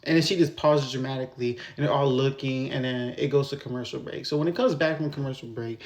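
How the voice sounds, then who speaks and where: Casual male reviewer, mid-pitched, rambling recap delivery with lots of fillers. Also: quick pace. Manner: rambling, filler-heavy, animated when venting. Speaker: TV episode reviewer.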